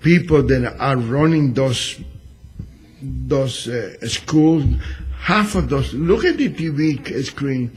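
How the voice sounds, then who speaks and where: A man's voice: mid-range voice, takes it slowly, husky, soft background music. A man visiting a talk radio show as a guest, chatty and joking, with loose grammar. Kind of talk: casual political talk radio.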